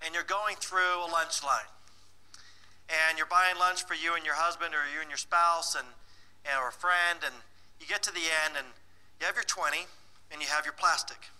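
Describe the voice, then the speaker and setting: A man's voice: fairly high pitch, steady tone, normal speed, pushed and bright, rough recording. A man presenting a live financial workshop, teasing and bossing the audience in a playful way and laughing often. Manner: laughs often between remarks.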